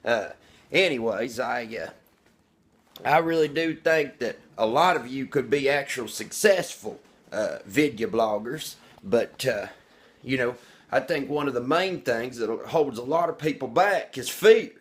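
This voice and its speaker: A man's voice: mid-range voice, measured pace, close to an everyday voice. A man playing a cocky, crude redneck vlogger who rambles, brags and talks about himself in the third person. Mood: boastful. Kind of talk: comedic character monologue.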